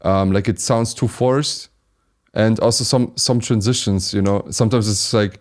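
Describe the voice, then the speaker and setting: A man with a German accent co-hosting a casual beatbox review chat, talking haltingly with many fillers and restarts. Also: fairly low pitch, fairly even intonation. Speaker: beatboxer co-host reviewing battles.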